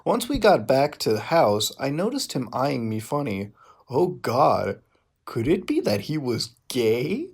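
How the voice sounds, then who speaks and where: A man's voice: mid-range voice, sing-song, unhurried, vocal fry, slightly rough. A man reading fan fiction aloud for comedy, breaking in with profane, exasperated asides. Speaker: YouTuber.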